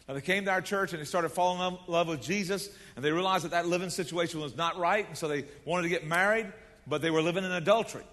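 Quick-paced, high, and a touch bright, the voice of a middle-aged pastor fills a large sanctuary with long hall reverb as he preaches a folksy, emphatic sermon and leads the congregation in call-and-response.

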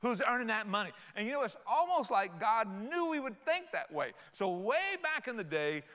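An older man preaching a sermon, folksy and animated, telling playful stories. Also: high-pitched. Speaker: pastor.

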